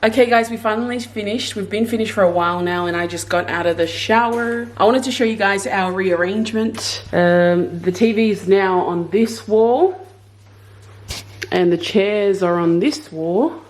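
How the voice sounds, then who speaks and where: A woman's voice: mid-range voice, moderate pace. A young woman talking casually in a home vlog, chatty and teasing. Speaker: vlogger.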